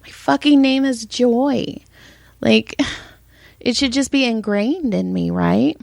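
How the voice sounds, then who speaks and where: Slow and a little high, with vocal fry, a middle-aged podcast co-host tells stories in casual chat, animatedly acting out quotes. The audio is studio quality and free of echo.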